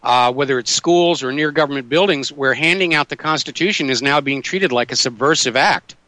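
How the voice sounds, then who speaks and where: A man's voice: medium pitch, a little fast, bright, forceful tone, dry recording. A man hosting a talk radio show and questioning a guest, cutting in with pointed remarks.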